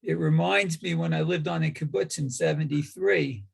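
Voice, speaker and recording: A man in his sixties reads and discusses a text with his teacher, halting and unhurried. His voice is very gravelly, rough and husky, and sits a little high for a man. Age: 60s. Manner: slow, halting reading with frequent okays. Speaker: student.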